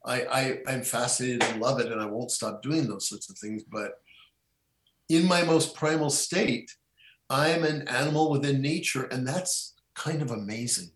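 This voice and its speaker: A man's voice: mid-range voice, a bit bright. Rambling man in an echoey room. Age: middle-aged. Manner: rambling, halting with many restarts and fillers. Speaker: guest. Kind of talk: casual conversation.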